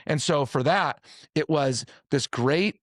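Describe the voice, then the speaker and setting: A man's voice: a little high, takes it slowly, dry recording, studio quality. A man hosting a casual group conversation, steadily recounting a personal story and the dialogue in it. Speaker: host.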